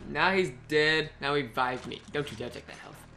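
A man's voice: a little high, moderate pace, sharp tone, a little hiss or hum. A man with a slight accent co-hosting a gaming video, reacting tersely in casual commentary. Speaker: gaming channel co-host.

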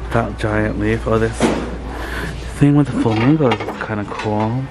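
A man's voice: lowish voice, measured pace, heavy background noise. Gushing young man vlogging. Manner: gushing, excitable, talks straight to viewers. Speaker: vlogger host. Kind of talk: casual vlog chat. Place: thrift store, then home kitchen.

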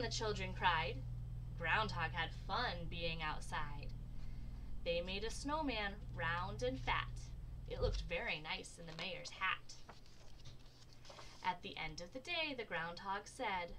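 A woman librarian reads a rhyming picture book at storytime. Her voice is bright and lively in pitch. She paces herself slowly and expressively, with faint noise behind her. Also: poor audio. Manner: slow, expressive rhyming read-aloud. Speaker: children's librarian.

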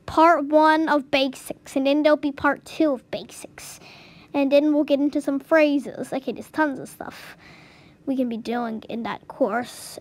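A woman vlogging as she works through a language lesson, puzzled and giggly, sounding out new words to herself. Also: high voice. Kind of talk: casual commentary while doing a language lesson.

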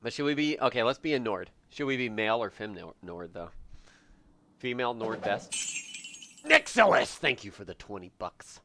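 A man streaming a video game, giving live commentary in an excitable, joking way as he thinks aloud. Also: on the low side, a little fast.

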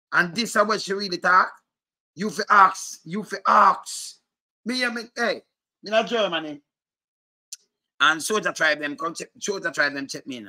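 Fired-up Jamaican man, bright voice. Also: fairly high pitch. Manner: passionate, rising to shouts. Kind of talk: heated casual commentary.

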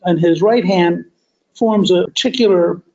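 A man hosting a podcast, telling a history story as a deliberate, emphatic monologue that stretches key words. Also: sits high, vocal fry, warm tone, lo-fi sound. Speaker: podcast host.

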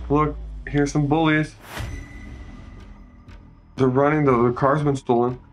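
A man's voice: mid-range voice, steady tone, slow, long pauses, faint music behind. A man casually narrating a film scene by scene, joking and commenting as he goes. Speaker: movie recap narrator. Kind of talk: casual improvised movie narration.

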